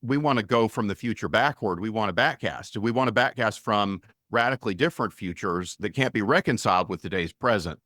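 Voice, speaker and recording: A middle-aged man, a venture investor and author, explaining his ideas in an energetic, conversational interview. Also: lowish voice, brisk, hardly any pauses, dry recording, clean studio sound. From United States. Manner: energetic, conversational, frequent restarts.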